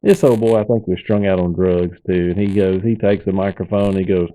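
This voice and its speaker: A man, hosting and telling stories in a lively, casual way and acting out the people in them. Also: sits low, a little fast, hardly any pauses, low-quality recording. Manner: animated storyteller, acts out quoted people. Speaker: podcast host. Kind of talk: casual storytelling.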